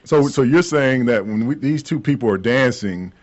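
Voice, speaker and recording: A man's voice: medium pitch, animated, moderate pace. A man hosting a sports talk show, asking rambling, joking questions with fillers in a casual interview. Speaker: show host. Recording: slightly muffled lo-fi sound.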